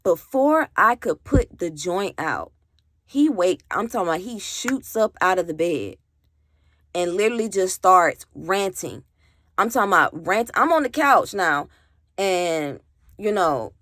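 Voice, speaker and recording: Speaking at a measured pace in an expressive, mid-range, fairly bright voice, a female vlogger tells a casual storytime to camera. She's emphatic, keeps saying "literally," swears freely and addresses her viewers directly. The recording is dry and studio-clean.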